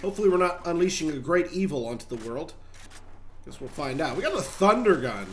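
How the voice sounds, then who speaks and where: A man's voice: on the high side, big pitch swings, brisk, a little hiss or hum. A man hosting a gaming channel, giving chatty, rambling gameplay commentary and talking straight to viewers.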